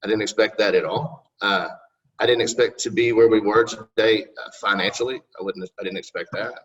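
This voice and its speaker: A man's voice: on the low side, steady tone, fairly quick, fairly bright tone. A middle-aged man, a city council candidate answering interview questions in a rambling, folksy and polite way. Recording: distant, muffled recording.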